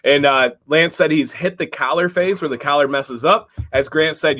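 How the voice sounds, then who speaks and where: A man's voice: a little high, moderate pace, hardly any pauses, bright, forceful tone. A man co-hosting a casual live stream, chatty and upbeat, greeting viewers and reading their comments. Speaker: livestream co-host.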